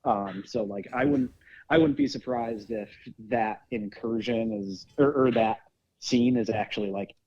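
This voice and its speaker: A man's voice: mid-range voice, lively intonation, unhurried, vocal fry, darkish tone, highs cut off. A man co-hosting a casual podcast, explaining and speculating at length. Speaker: podcast co-host. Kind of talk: casual review chat.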